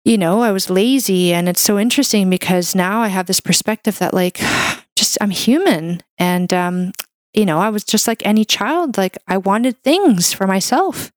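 A woman's voice: medium pitch, moderate pace, no room sound. Woman doing a wellness podcast, earnest and encouraging, says "like" a lot, dry close sound. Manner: heartfelt, encouraging, lots of "like" and "you know". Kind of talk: casual monologue.

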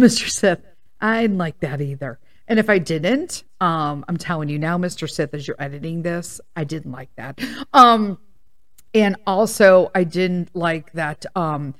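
Woman, podcast host, casual personal storytelling, rambling tangents, blunt profanity, slightly low voice. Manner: blunt and profane when worked up.

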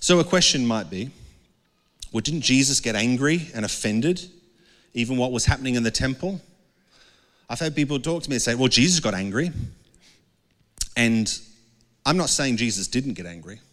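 A man's voice: mid-range voice, expressive, normal speed, pauses often, fairly bright tone. A man giving an earnest, conversational sermon as pastor, often acting out the voices of people he quotes. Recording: long hall reverb.

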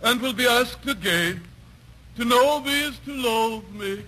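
A man's voice: very high voice, unhurried, sharp tone, a little hiss or hum, exaggerated voice, poor audio. An actor playing a self-pitying male poet who pesters a radio show, reciting in a melodramatic, mournful way in 1940s radio comedy style. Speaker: comic guest character.

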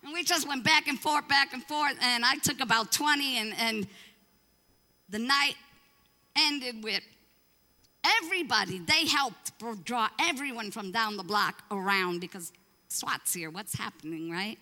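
A woman pastor telling a story from the pulpit in an animated way, acting out the voices of the people she quotes. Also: on the high side, a little slow, big-room sound. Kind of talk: storytelling sermon.

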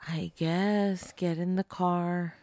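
A woman's voice: on the low side, little pitch movement, takes it slowly, warm tone, no room sound, clean studio sound. A young woman guest, hesitant and questioning, full of "like" and "okay", playing along in a comic chat. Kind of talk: casual improvised chat.

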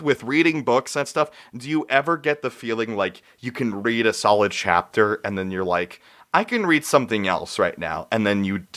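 A young man hosting a casual chat, rambling excitedly with many restarts. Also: lowish voice. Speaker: host.

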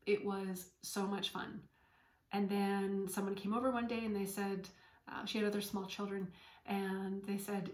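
Gentle woman hosting a spiritual podcast. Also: medium pitch, level tone, a little slow, reverberant. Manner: gentle, storytelling, drops to whispers. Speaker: podcast host and medium.

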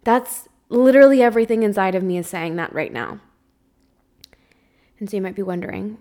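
A woman's voice: mid-range voice, lively intonation, fairly quick, pauses often, dark tone. A young woman hosting her own podcast, talking openly and at length about her fears, searching for words and swearing freely. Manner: emotionally open and confessional. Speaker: podcast host and spiritual coach. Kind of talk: candid solo podcast monologue.

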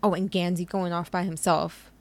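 A woman co-hosting a casual book podcast, playful and quick to swear as she recounts scenes. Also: lowish voice, little pitch movement. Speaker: podcast co-host leading the discussion.

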